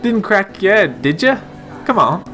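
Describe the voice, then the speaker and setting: A man's voice: sits high, very animated, measured pace, pushed and bright, faint music behind, pitched above the performer's own voice, heavily acted. A man voicing a friendly, reassuring young stranger, reading from a text game. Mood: friendly concern. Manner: cheery, reassuring.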